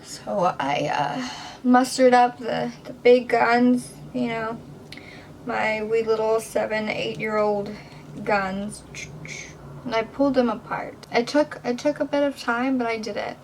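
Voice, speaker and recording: A woman's voice: a little high, unhurried, darkish tone, slight background noise, poor audio. A young woman chatting in a casual home vlog, rambling and self-deprecating, sometimes dropping to a whisper. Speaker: vlogger. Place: indoors at home.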